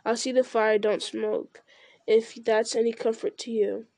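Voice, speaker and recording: A woman's voice: a little high, flat delivery, a little slow, darkish tone, no room sound. A woman voicing a stubborn, plain-spoken male servant with folksy, rustic speech. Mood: blunt.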